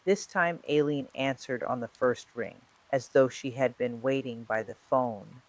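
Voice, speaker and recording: A scripted true-crime narration with a steady, dramatic delivery. The voice sits at a middling pitch. It carries the story evenly from line to line. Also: measured pace, hardly any pauses, poor audio.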